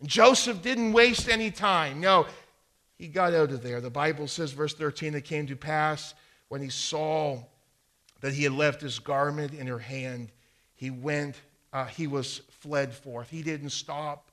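Slow, bright-voiced male preacher. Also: fairly high pitch. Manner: slow emphatic preaching with repeated phrases and quoted scripture; volume rising and falling for emphasis. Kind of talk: sermon.

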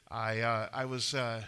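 A man preaching a sermon, often halting and repeating words with many fillers. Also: mid-range voice, sharp tone, clear, resonant tone. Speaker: pastor.

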